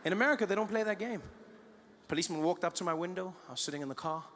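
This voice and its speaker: A man's voice: sits high, rapid-fire, big-room sound. A man from South Africa with a South African accent, a stand-up comedian telling stories and acting out conversations. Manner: animated, acts out both sides of the conversation.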